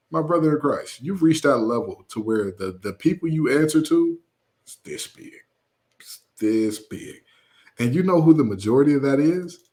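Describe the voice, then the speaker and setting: A man co-hosting a sports podcast, talking in an animated, emphatic way with playful asides. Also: mid-range voice. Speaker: podcast co-host. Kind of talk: casual sports chat.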